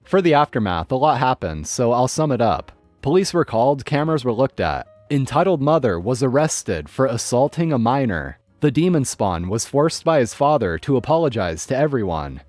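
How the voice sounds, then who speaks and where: A man narrating online stories in a scripted, expressive way. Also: mid-range voice, moderate pace, hardly any pauses, no room sound, soft background music. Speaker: story narrator.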